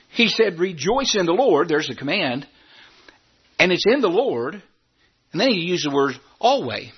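A man preaching from the pulpit in a high, husky voice that swings wildly up and down. He bursts into shouts and then sinks into low, urging talk. The recording sounds dull and lo-fi. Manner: preaching with sudden shouts and wide swings in pitch. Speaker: pastor. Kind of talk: sermon.

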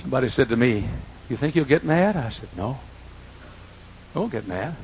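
An older man preaching a folksy sermon in a church, swinging from quiet asides to loud, drawn-out emphasis, with a husky voice. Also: medium pitch, animated, a little hiss or hum, low-quality recording. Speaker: pastor. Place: church auditorium.

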